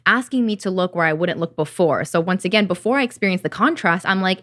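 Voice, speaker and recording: A woman's voice: on the low side, lively intonation, fast, fairly bright tone, dry recording, clean studio sound. A woman co-hosting a podcast in casual chat, talking with lots of "like" and acting out her own inner voice. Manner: chatty, full of "like", acts out her own inner voice.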